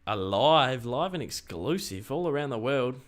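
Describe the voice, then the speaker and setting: A young Australian man chatting excitedly on a live stream and reading out viewer messages. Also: medium pitch, unhurried. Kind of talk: casual live stream chat.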